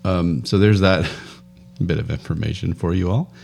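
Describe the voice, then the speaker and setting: A man's voice: deep voice, fairly even intonation, normal speed, creaky, a little mellow, husky. A man co-hosting a podcast, rambling through news stories in casual banter and laughing often. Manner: rambling, laughs often, trails off mid-sentence. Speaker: podcast co-host.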